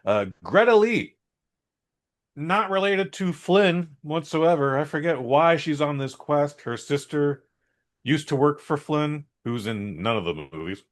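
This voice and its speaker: A man's voice: on the high side, animated, unhurried. A man co-hosting a podcast, giving a blunt, rambling and opinionated movie review in a casual chat. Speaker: podcast co-host.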